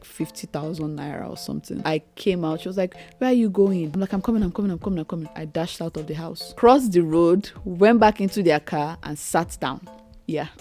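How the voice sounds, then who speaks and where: A young adult woman with a Nigerian accent, telling a personal story to camera in a lively way and acting out the other people's voices. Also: deep voice. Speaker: vlogger.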